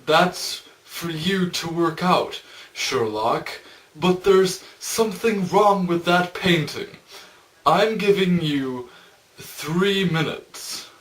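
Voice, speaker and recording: A sinister caller, voiced by a man who taunts in a slow, high voice. He sounds echoey and distant, as if recorded across a room. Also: expressive, fairly bright tone. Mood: taunting. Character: sinister mysterious caller, adult male.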